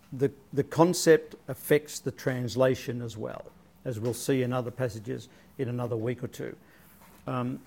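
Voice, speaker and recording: Leading an informal Bible study, this man speaks in a darkish, mid-range voice. He reasons out loud and frequently repeats himself as he hunts for the right wording.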